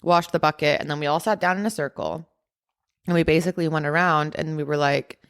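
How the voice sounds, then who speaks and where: Low-pitched and clean, her voice stays fairly even as she talks a little fast. She's a podcast host relaxing into a personal anecdote, sprinkling "like" and "um" throughout.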